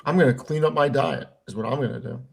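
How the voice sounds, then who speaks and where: A man's voice: mid-range voice, lively intonation, quick pace, creaky, darkish tone, slightly rough. A man co-hosting a live stream, chatting casually in an emphatic, jokingly bossy way. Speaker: stream co-host. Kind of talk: casual chat.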